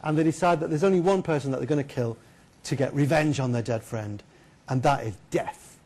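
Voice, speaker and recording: A man giving a keynote lecture, telling a story in a lively, chatty way and putting questions to the audience. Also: a little high, a little fast. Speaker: keynote speaker. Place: lecture hall.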